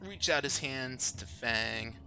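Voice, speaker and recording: A man's voice: mid-range voice, unhurried, gravelly, bright, forceful tone. A man narrating as dungeon master in a live tabletop game, describing the action in an easygoing way and laughing often. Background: background music.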